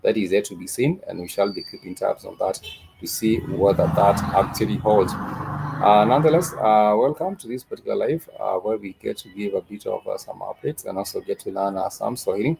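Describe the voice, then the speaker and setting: Gravelly low-voiced man teaching. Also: darkish tone, a little hiss or hum, poor audio. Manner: slow, repetitive teaching with many filler "uh"s. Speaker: host and Swahili teacher. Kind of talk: live-stream commentary and language lesson.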